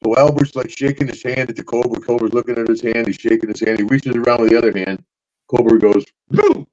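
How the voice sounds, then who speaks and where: Lo-fi animated older storyteller man. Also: medium pitch. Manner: animated yarn-spinner, laughs through stories, acts out voices. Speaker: podcast host, former pro wrestler. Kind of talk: casual storytelling chat. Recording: dull lo-fi audio.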